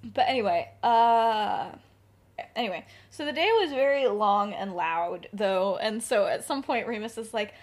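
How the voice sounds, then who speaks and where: A woman's voice: medium pitch, unhurried. A woman casually telling a story on a podcast, chatty and giggly, with many filler words. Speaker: podcast co-host.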